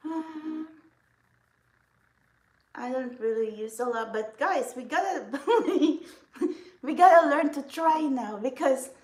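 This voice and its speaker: A woman's voice: sits high, takes it slowly, pauses often. A woman chatting casually through a makeup vlog, rambling and giggling often as she talks. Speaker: vlogger. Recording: echoey room.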